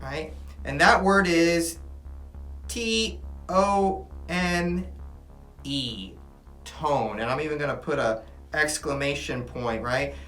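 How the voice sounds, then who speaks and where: Man, teacher, classroom lecture, animated, echoey room, faint music behind. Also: a little high, takes it slowly, pauses often. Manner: animated, checks in with listeners by asking "right?".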